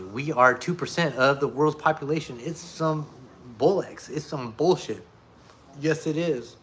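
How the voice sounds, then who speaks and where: A man's voice: a little high, a bit bright, a little hiss or hum. A man chatting casually with his viewers and telling a joke, rambling and swearing, with lots of fillers. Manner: profane, rambling, full of fillers. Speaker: streamer talking to viewers.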